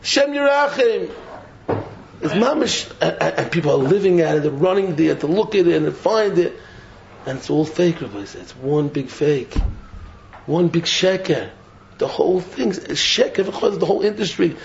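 High gravelly man preaching animatedly. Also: moderate pace, slight background noise. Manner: animated, mocking, laughs through his points, repeats himself; rhetorical questions. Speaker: Torah teacher. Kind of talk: sermon. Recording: dull lo-fi recording.

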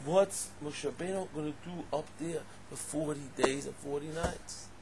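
A man giving a lively Torah class, asking rhetorical questions and breaking into loud exclamations. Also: fairly high pitch, normal speed, background noise. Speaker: Torah teacher.

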